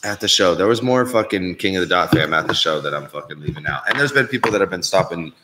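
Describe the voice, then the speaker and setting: A man's voice: low voice, animated, quick pace, background noise. A man hosting a live Q&A stream, talking casually, rambling and swearing constantly. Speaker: show host on a live stream. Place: visiting Canada, indoors.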